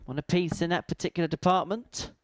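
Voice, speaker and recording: A man's voice: a little high, fairly even intonation, quick pace, dry recording. A man commentating on a darts match with wry, conversational play-by-play. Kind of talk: sports commentary.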